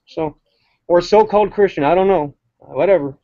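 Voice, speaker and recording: A man's voice: sits high, fairly quick, dark tone, no room sound. A man co-hosting a casual talk show, ranting in a blunt and heated way. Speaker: co-host. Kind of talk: casual opinionated chat. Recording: dull lo-fi sound.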